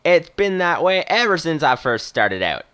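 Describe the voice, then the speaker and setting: A man's voice: fairly high pitch, sing-song, normal speed, a bit bright, smooth, voice pushed up. A man voicing an old retired male starship captain with a Western movie drawl, folksy and friendly.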